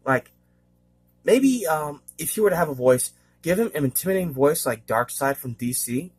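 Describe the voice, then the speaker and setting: This vlogger speaks at normal speed in a husky, expressive voice whose pitch rises and falls a great deal. His casual monologue rambles, full of hesitant fillers and frequent throat-clearing.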